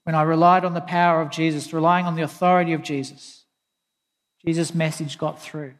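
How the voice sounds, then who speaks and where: High-voiced preacher in a reverberant hall. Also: male voice, little pitch movement, fairly quick. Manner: earnest storytelling preacher, quotes scripture. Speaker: pastor. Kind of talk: sermon.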